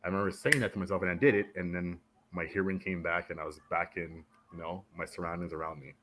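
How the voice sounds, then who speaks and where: Man, deep voice, from Canada, military veteran, animated storyteller, podcast guest. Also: quick pace, a little hiss or hum. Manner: animated, acts out the voices of others in his stories. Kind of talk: casual storytelling in a podcast interview.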